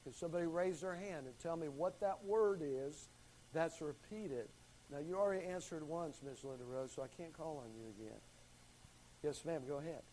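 Man, high voice, Bible class teacher, calls on students and leans hard on key words. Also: normal speed, dark tone, slight background noise, rough recording. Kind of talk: classroom Bible lesson with questions.

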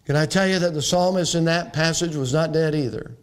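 A pastor preaching an emphatic sermon, reading old-fashioned scripture aloud and calling his listeners friends. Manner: reads scripture in old-fashioned wording, slowing and dropping low on key words.

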